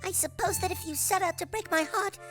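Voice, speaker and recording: A woman's voice: very high voice, fairly quick, music in the background. A woman voicing a timid, polite young boy in a cartoon, speaking meekly and properly. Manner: meek, proper. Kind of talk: cartoon acting.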